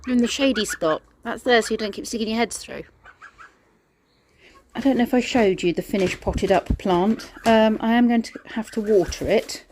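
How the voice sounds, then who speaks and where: A woman's voice: fairly high pitch, moderate pace, darkish tone, a little hiss or hum. A woman vlogging casually outdoors in a garden, chatting and rambling through her chores and stories. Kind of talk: casual vlog chat.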